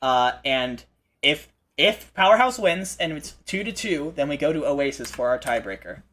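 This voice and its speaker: A man hosting a live esports broadcast, commentating with excitable energy and frequent restarts. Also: fairly high pitch. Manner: excitable, fast restarts and repeated phrases. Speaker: esports play-by-play host.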